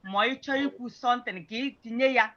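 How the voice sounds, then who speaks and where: A woman's voice: a little high, fast talker, a bit bright, highs cut off. A woman teaching an online Igbo class, patiently explaining grammar and mixing English with Igbo example phrases.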